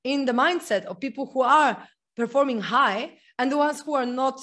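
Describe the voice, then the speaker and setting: Excitable fast-talking woman host. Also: sits high. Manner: excitable, laughs often, rapid storytelling. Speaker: podcast host. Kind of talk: casual interview chat.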